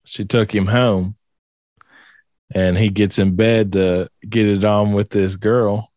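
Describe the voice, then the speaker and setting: A man's voice: on the low side, level tone, slow, a little mellow, no echo. A man in casual chat, joking and spinning a wry tale.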